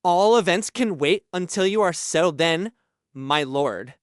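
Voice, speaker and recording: A dry, deadpan spirit servant from an audiobook, the leftover soul of an ancient magician, polite and formal. A man reads him out at an unhurried pace in a close, dry studio sound. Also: sits high, clear, resonant tone, no room sound.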